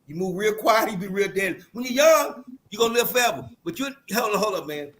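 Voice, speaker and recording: A man's voice: high-pitched, expressive, brisk, a bit bright, a little hiss or hum. An older man from the American South with a Southern accent, rambling through stories on a casual panel and often saying "hold up, man.". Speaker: panel guest, Marine veteran.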